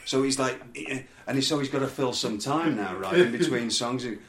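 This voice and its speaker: A man's voice: mid-range voice, brisk, few pauses. Man telling a rambling story. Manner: rambling, laughs through his stories. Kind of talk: casual storytelling chat. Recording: echoey room, faint background noise.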